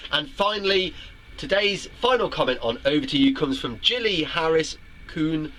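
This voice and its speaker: Brief: middle-aged male host, bright forceful tone, playful and theatrical, faint room noise. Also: expressive, normal speed, low-quality recording. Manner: playful, theatrical, jumps to high pitch when quoting. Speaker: host of a homemade web show. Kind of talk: chatty vlog reading out viewer comments. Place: garden shed.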